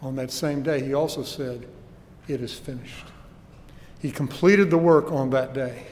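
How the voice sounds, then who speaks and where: A man's voice: medium pitch, moderate pace, a little mellow, long reverb tail. A man preaching a sermon with earnest emphasis and rhetorical questions, recorded in a church.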